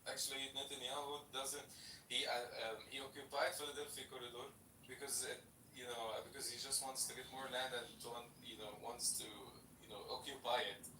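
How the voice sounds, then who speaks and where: A man's voice: medium pitch, flat delivery, a little fast. A man with an Arabic accent, talking in a casual political debate, earnest and hesitant with many fillers. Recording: echoey room, distant mic, faint hiss.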